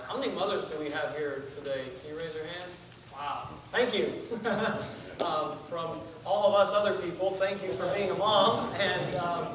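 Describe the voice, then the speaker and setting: A young man, preaching as a visiting missionary in a folksy, self-deprecating way, with many fillers and restarts. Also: fairly high pitch. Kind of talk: sermon with casual asides. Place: church sanctuary. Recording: echoey church from far off, noisy.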